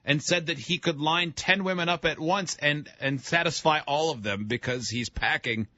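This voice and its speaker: A man's voice: on the high side, moderate pace, bright, forceful tone, no echo. A man hosting a morning radio show, teasing and laughing easily. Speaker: radio host. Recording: dry, dull studio sound.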